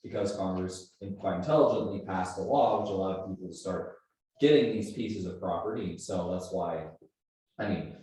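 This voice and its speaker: A man, a student, giving a measured explanation during a class discussion. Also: deep voice, mellow, heavy reverb, distant mic, rough recording.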